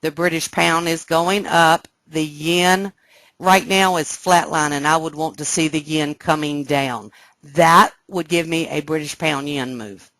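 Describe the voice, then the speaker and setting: Excited woman teaching live trading. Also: sits low, no room sound. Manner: explanatory, keeps checking listeners follow; excited, animated. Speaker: trading instructor. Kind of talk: live trading room lesson.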